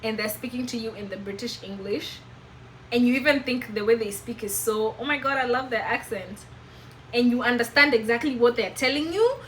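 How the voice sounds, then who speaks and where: Bright-voiced Kenyan woman vlogging. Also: on the high side, a little fast, slight background noise, poor audio. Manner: candid and animated, repeats and restarts phrases. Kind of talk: casual chat to camera.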